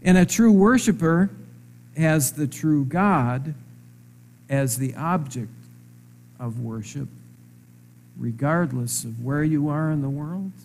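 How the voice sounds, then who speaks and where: A man preaching a sermon in a conversational way, asking his listeners rhetorical questions and stressing words slowly. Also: a little high, vocal fry, darkish tone, a little hiss or hum. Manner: slow, emphatic phrasing.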